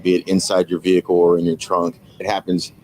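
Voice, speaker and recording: A man speaking as a gun trainer in a news interview, earnest and halting. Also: sits low, monotone, darkish tone, a little hiss or hum. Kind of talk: interview soundbite.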